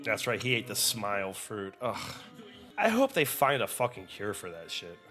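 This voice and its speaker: Young male reaction host, bright forceful voice, excitable and sweary. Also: on the low side, normal speed, faint music behind. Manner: excitable and profane, animated storytelling. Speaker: anime reaction video host. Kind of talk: casual reaction commentary.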